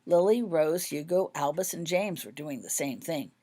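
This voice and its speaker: A woman narrating her own fan fiction story in an even, expressive read-aloud manner. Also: deep voice, normal speed.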